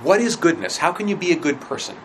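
A man's voice: fairly high pitch, big pitch swings, fast, a bit bright, a little hiss or hum, poor audio. Man teaching a casual faith class. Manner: conversational, rhetorical questions, frequent fillers. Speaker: religion teacher.

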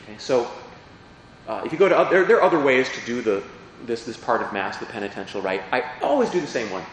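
A man's voice: mid-range voice, big pitch swings, fast. Male priest, chatty teaching talk, asks questions, big echoey church, faint hiss. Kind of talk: explanatory catechesis talk.

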